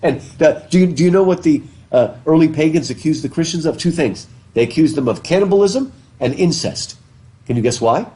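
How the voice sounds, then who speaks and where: A man with a fairly high, dark-toned voice and lively intonation teaches literature a little fast in a relaxed lecture style. He chats, quizzes his students, and restarts sentences with repeated words. His face mask muffles the live classroom recording.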